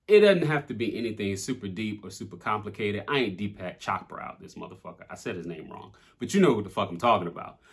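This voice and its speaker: A young man speaks in a low register, his husky voice carrying an easygoing, candid flow. He talks through his own song with loose fillers and casual swearing, open and reflective. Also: a bit bright. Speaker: rapper breaking down his own track.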